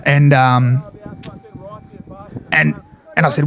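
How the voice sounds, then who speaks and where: A medium-pitched male voice comes through over crowd noise: an Australian former paratrooper guesting on a podcast. He's telling a war story in relaxed chat, speaking fast with plenty of swearing and fillers.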